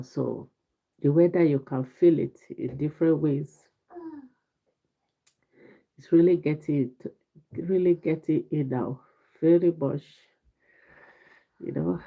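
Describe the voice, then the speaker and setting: A woman hosting a casual live stream from home, speaking slowly and greeting viewers one by one, her voice congested from a head cold. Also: low-pitched, creaky, husky. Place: home in Ireland. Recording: tinny phone-like live stream audio.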